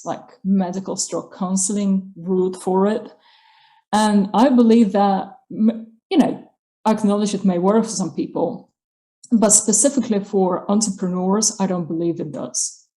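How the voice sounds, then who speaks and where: A woman's voice: mid-range voice, steady tone, unhurried, warm tone. A woman hosting an interview over a video call, explaining her views in an earnest manner. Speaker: host. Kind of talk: interview conversation.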